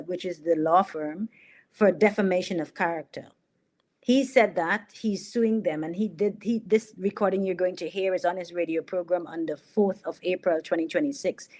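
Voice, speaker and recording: Her voice is lowish and darkish as this middle-aged woman hosts a livestream of political commentary. She mocks sarcastically, laughs at her own jokes, and keeps repeating points emphatically to pound them home.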